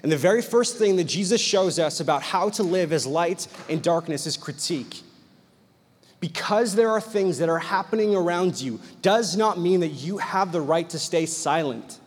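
A man delivers a sermon in a high, bright register. He tells the story in an animated way and voices the people in it as he goes. His words ring out with the long reverb of a large hall. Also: moderate pace, slightly rough. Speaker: preacher.

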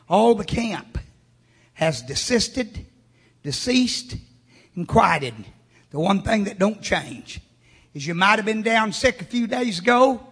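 A man preaching a fervent sermon, swinging from hushed talk to shouting. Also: sits high, husky. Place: church sanctuary. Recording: long church reverb.

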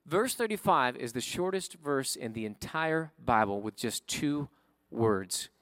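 A man preaching a sermon in a conversational way, often checking in with his listeners with a quick "right?". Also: medium pitch, expressive, fairly bright tone, dry recording, studio quality. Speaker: pastor.

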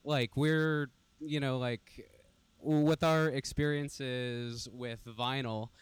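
A young man in casual chat, relaxed and hedging with lots of fillers. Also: medium pitch, extremely slow, smooth, no echo. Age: young adult.

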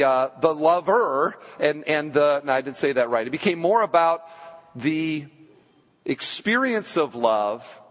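A male pastor preaching a sermon with emphatic delivery, slowing down on key phrases. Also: fairly high pitch, fairly bright tone. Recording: church hall reverb.

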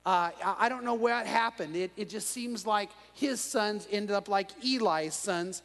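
A man with a notably high voice preaches an evening sermon, telling his stories with animation and tripping over restarts as he goes. His words ring out with a long reverb, as in a large church sanctuary. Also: unhurried, vocal fry. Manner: animated storyteller with frequent restarts. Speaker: pastor.

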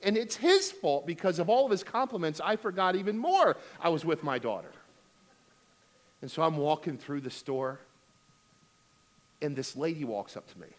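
A man's voice: on the high side, very animated, normal speed, pauses often. A middle-aged man preaching a sermon as pastor, telling a funny family story and then urging giving with emphatic exhortation.

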